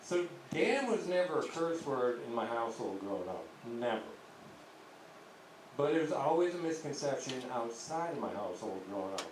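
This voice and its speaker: A young man works through a crude, rambling stand-up set on a comedy club stage. The sound is roomy and echoey, picked up from some distance, with steady club noise around him. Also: mid-range voice, normal speed. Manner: crude, rambling delivery with acted-out voices. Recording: echoey club heard from afar.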